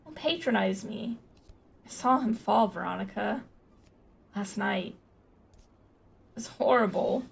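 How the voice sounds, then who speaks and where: A woman's voice: medium pitch, a little slow, creaky, pauses often, husky, heavily acted. Woman reading as a bitter grieving widow. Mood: shaken. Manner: tearful, bitter outbursts. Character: grieving, hostile young widow on a ship.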